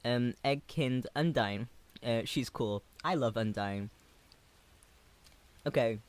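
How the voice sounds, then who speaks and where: A man in his twenties, a livestreamer reading chat aloud in a gentle, affectionate way with hesitant pauses. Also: mid-range voice, smooth, no echo. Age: 20s.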